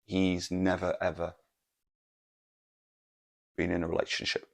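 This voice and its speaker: A man's voice: deep voice, completely flat delivery, measured pace, vocal fry. A man, telling a rambling, sweary story on his podcast. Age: 40s. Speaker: podcast host. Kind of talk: casual storytelling monologue.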